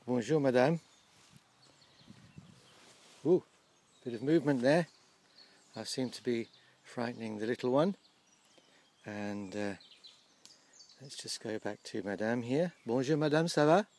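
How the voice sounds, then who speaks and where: A man giving casual, gently humorous commentary outdoors by a field, slowly explaining English words as he films. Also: mid-range voice. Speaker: vlogger teaching English.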